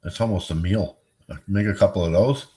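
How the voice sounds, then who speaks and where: Middle-aged New streamer, deep voice, tired, salty, wisecracking. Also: male voice, brisk, mellow. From New York. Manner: profane, wisecracking, easily amazed. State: tired, yawning. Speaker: streamer chatting with viewers. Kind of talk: casual chat.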